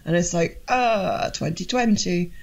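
A woman's voice: on the low side, measured pace, lo-fi sound. A woman on a podcast, chatting casually and wryly, often mimicking silly voices. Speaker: podcast co-host. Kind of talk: casual chat.

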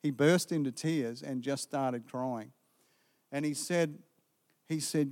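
A man's voice: medium pitch, unhurried. A man preaching a sermon, earnestly retelling a conversation and its back-and-forth dialogue. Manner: earnest, retelling dialogue with lively quoted exchanges. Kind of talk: sermon testimony storytelling. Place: church sanctuary. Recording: long hall reverb.

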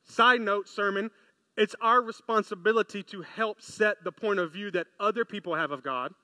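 A man preaching a sermon in an animated, conversational way, often asking his listeners questions. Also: high-pitched, moderate pace, no room sound. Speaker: pastor. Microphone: close mic, podcast.

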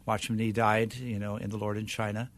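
A man's voice: fairly low pitch, flat delivery, brisk. An older man, a guest minister, telling stories in a casual interview and often restarting his sentences. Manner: storytelling, chuckles, restarts often.

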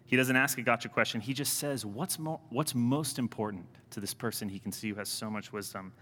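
A priest giving a conversational, animated sermon, with a lilt to his speech. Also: medium pitch, fairly quick, big-room sound. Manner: conversational, animated preaching with rising emphasis.

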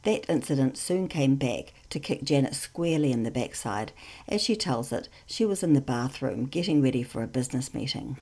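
Low, mellow-voiced woman narrator. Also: lively intonation, moderate pace. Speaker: podcast narrator. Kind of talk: scripted narration.

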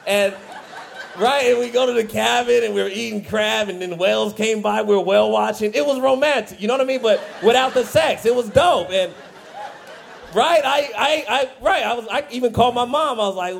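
A male comedian telling a funny personal story, animated and laughing at himself. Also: high-pitched, normal speed, creaky, slight background noise. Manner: animated, laughing, self-mocking. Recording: music bed under the voice.

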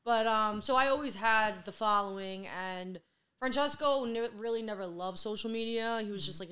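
A woman's voice: medium pitch, moderate pace, fairly bright tone, smooth. A woman in her twenties talking as a guest in a casual conversation, telling stories with lots of "like". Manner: chatty storyteller, fills with "like".

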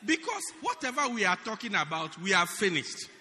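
A man preaching a humorous sermon, acting out stories and shouting the punchlines. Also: high-pitched, a little fast, in a large hall, slight background noise. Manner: animated storytelling, laughing and shouting punchlines. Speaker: pastor.

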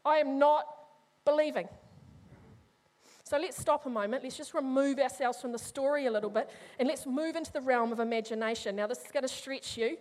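Brief: a high-pitched, middle-aged woman preacher, lively and joking with her congregation. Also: quick pace, few pauses. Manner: animated, humorous, addresses the congregation. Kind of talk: sermon.

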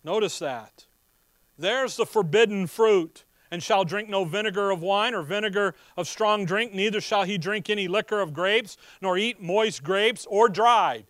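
Man, preacher, folksy animated sermon, smooth clear voice, high pitch. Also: a little slow, no room sound, clean studio sound. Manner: folksy, animated Bible teaching with scripture readings.

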